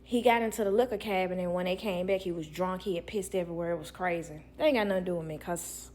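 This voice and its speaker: A young woman who works as a nanny, telling a work story to viewers in a blunt, animated way. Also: on the low side, fast, a little hiss or hum. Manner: blunt, animated, acts out others' lines.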